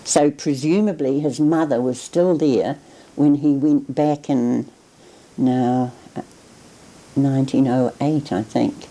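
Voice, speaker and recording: An older woman speaks in a very low, mellow voice. She talks reflectively in an oral history interview, often pausing and restarting her sentences as memories come back. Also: poor audio. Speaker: interviewee recalling her grandfather.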